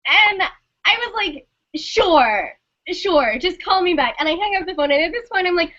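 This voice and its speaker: Young woman streamer, high bright voice, animated storyteller who acts out dialogue, swears a lot; lo-fi mic. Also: moderate pace. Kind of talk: casual storytelling. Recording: dull lo-fi sound.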